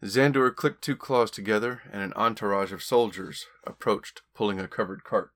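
Man reading own book aloud, low voice, bright forceful tone, steady storytelling. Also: normal speed. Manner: steady storytelling with occasional stumbles. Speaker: author and podcast host.

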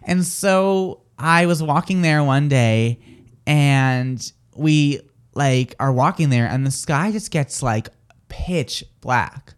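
A man's voice: fairly high pitch, slow pace, smooth. A man co-hosting a live radio talk show, telling stories in a rambling, chatty way full of fillers and restarts. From New Jersey. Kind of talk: casual chat.

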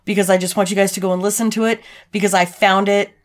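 A woman's voice: mid-range voice, flat delivery, fast. Foul-mouthed woman podcast co-host. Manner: crude, swearing, laughing banter. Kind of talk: casual podcast chat.

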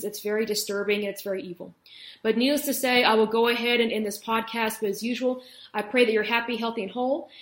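Earnest woman podcaster, echoey room. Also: a little high. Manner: earnest, opinionated, repeats for emphasis. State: has the hiccups. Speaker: podcast host. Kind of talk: solo political podcast monologue.

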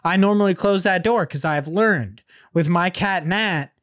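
Profane rambling podcast co-host. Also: male voice, sits high, a little slow, fairly bright tone. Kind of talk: casual chat.

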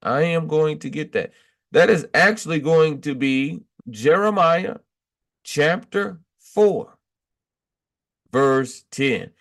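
In this exhortation, a male preacher reads scripture aloud and explains it point by point, speaking slowly and pausing often. His voice is fairly high, expressive and fairly bright, and he emphatically repeats his points, driving each home with a questioning "Okay?"

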